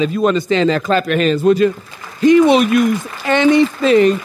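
A man preaching a sermon in a church sanctuary, telling jokey stories in an animated way. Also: high-pitched, moderate pace. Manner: animated, joking storytelling. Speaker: pastor.

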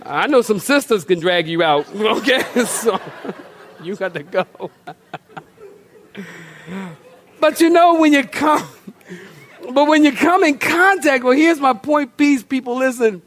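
A man's voice: very high voice, lively intonation, measured pace, pauses often, a bit bright. A middle-aged man preaching a humorous, storytelling sermon in a church, often repeating words as he goes. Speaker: pastor.

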